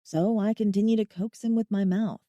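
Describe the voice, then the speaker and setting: Female audiobook narrator, young adult, mid-pitched voice, emotive first-person read, dry recording. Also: normal speed, dry recording. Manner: expressive, emotive reading with dramatic swings.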